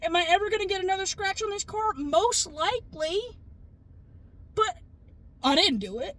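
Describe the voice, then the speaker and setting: High-voiced woman ranting. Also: lively intonation, normal speed, long pauses, a bit bright, low-quality recording. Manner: chatty, exasperated, cusses casually. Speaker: storyteller. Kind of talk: casual storytelling vlog.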